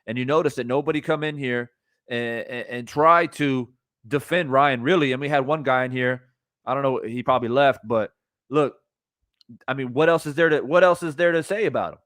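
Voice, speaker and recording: A man's voice: medium pitch, moderate pace, a bit bright, no room sound. Brief: a male streamer in a mid-range voice, swearing freely and repeating himself for emphasis, dry close sound. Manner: blunt, profane, repeats points for emphasis. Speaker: streamer reacting to boxing news. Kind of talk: live-stream reaction rant.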